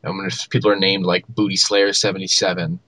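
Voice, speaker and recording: Young podcast co-host, lively storyteller, dry close sound. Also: male voice, sits low, fairly quick, no room sound. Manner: animated storyteller, many likes and ums. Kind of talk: casual chat, storytelling.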